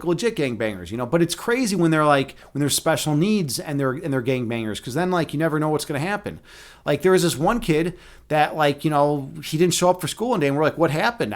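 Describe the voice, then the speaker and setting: A man in his thirties hosting a live stream, chatting casually with his viewers, rambling through profane, animated stories and laughing at his own jokes. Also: on the high side. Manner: many restarts and fillers, animated storytelling.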